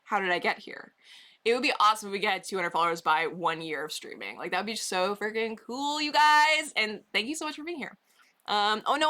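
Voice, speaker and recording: Chatty bright-voiced woman streamer. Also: mid-range voice, expressive, brisk. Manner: chatty, rambling, many "um"s and "like"s. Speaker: livestreamer. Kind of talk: casual chat with viewers. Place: basement bedroom.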